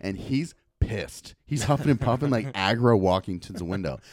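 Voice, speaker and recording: A man co-hosting a podcast, telling a story in a casual, animated way and acting out the voices of the people in it. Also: on the low side, normal speed, dry recording, studio quality. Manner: animated, acts out quoted voices. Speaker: podcast co-host.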